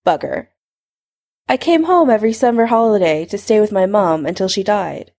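A woman's voice: mid-range voice, animated, normal speed, a little mellow, lightly acted. A woman voicing a young male wizard who speaks in a wary, blunt way. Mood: guarded.

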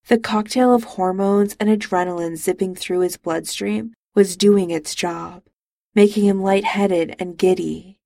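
A woman narrates a romance audiobook in a calm, even storytelling manner. Her voice is slow and gravelly with a slight fry, and the close studio mic keeps it dry. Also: mid-range voice, no room sound.

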